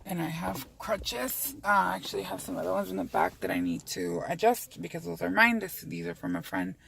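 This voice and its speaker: Creaky-voiced woman vlogging from her car. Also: lowish voice, fairly even intonation, a little fast, a bit bright, a little hiss or hum. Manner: rambling and candid, swears freely. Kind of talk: casual chat to camera. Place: inside a parked car.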